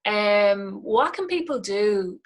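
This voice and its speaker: A woman's voice: medium pitch, lively intonation, slow. A woman with a mid-range voice hosts an interview. She asks thoughtful follow-up questions in an easy conversational tone. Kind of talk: interview chat.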